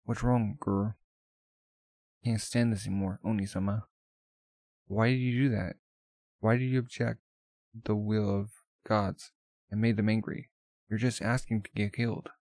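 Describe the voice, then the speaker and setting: A man's voice: on the low side, fairly even intonation, unhurried, pauses often, a little mellow, no echo. A man voicing a timid young apprentice Valkyrie girl who pleads anxiously with her older sister in a manga read-aloud.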